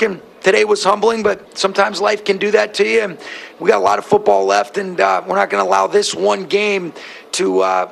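A man, a head football coach, speaking in a measured, reflective way at a post-game press conference. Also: high voice, gravelly, fairly bright tone.

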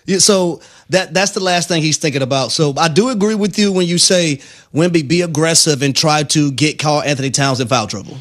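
A man's voice: fairly high pitch, a little fast, fairly bright tone. A man co-hosting a sports radio show, arguing his points in a conversational way.

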